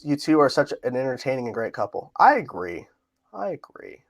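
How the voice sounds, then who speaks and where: A man's voice: mid-range voice, a bit bright. A man hosting a casual livestream, reading out viewer questions and answering in a chatty, repetitive way with frequent laughs. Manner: chatty, laughs often, repeats himself. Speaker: livestream host.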